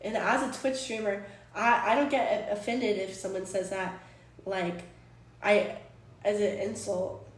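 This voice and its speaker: A woman's voice: medium pitch, fairly even intonation, unhurried. A woman streamer chatting casually, exasperated and rambling, swearing freely as she defends herself to her chat. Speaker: Twitch streamer. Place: apartment room. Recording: echoey room, distant from mic.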